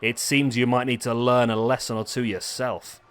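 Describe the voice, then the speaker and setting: A man's voice: medium pitch, level tone, moderate pace, a bit bright, clean tone, lightly acted. A man voicing an arrogant male wrestler villain who mocks his rival in pompous, condescending words. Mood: smug. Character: arrogant male wrestler villain, smug self-proclaimed genius.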